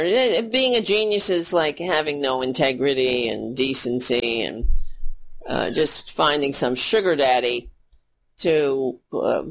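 Slow-talking sarcastic woman host. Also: sits low, a little hiss or hum. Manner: sarcastic, profane, rambling. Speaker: political commentary host. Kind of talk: ranting political commentary.

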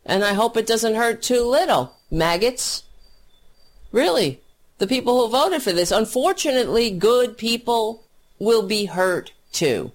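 A commentator delivers an angry political rant, crude and scornful. The talk is slow and halting, full of restarts. The pitch sits in a middle range. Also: lively intonation.

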